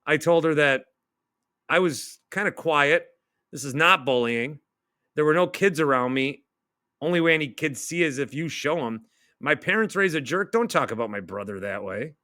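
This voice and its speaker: A middle-aged male radio host reading out online comments and firing back at them in a sarcastic, animated rant. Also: on the high side, moderate pace, dry recording, studio quality.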